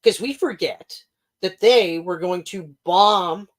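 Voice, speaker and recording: Podcast co-host, man, animated talker who acts out the stories he tells, swears casually. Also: high-pitched, slow. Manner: animated, acts out quoted exchanges, swears freely.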